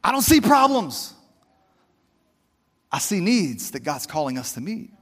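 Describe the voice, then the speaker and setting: A man with a high, bright-edged voice, preaching with fervour and speaking straight to his congregation. His words carry a long, ringing hall reverb, as in a church sanctuary. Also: very animated, a little slow. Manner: fervent, conversational, talks straight to the congregation. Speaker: pastor. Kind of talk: sermon.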